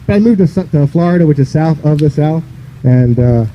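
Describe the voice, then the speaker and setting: A man's voice: on the high side, expressive, a little fast, lo-fi sound, a little hiss or hum. A man from the northern United States doing a loose, rambling stand-up comedy set on an outdoor park stage, filling his talk with "you know".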